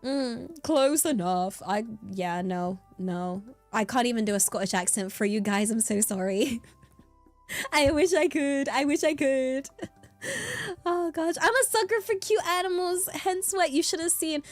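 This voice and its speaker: A woman's voice: sits high, a little slow, dry recording, faint music behind. A young British woman with a mixed rural accent, chatting casually on a livestream in a bubbly, giggly, rambling way. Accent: British, mixed rural and taught English. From United Kingdom. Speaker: streamer.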